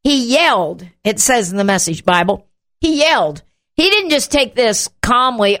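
A woman hosting a show, teaching from the Bible in an animated way and acting out the quotes. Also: on the high side, normal speed. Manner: animated, acts out the quotes, shouts them.

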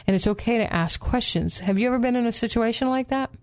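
A woman co-hosting a casual Bible study discussion, talking in an animated way and acting out quotes. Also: fast. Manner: animated, acts out quotes with pitch jumps, laughs often.

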